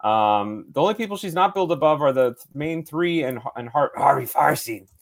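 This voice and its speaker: A man chatting on a movie podcast, making his points with wry asides and plenty of restarts. His pitch swings widely as he talks. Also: expressive, fairly quick, gravelly. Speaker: podcast co-host. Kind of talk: casual chat.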